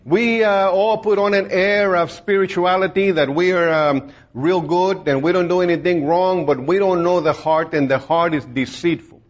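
A man's voice: high voice, steady tone, moderate pace, few pauses. A man preaching an informal sermon in a plain-spoken, folksy way, rambling with many fillers and restarts. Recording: dull lo-fi recording.

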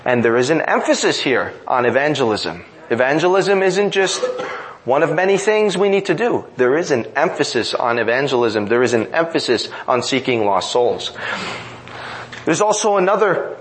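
A man's voice: medium pitch, very animated, normal speed, low-quality recording. A man preaching a sermon in an earnest, emphatic way, driving points home through repetition. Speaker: pastor.

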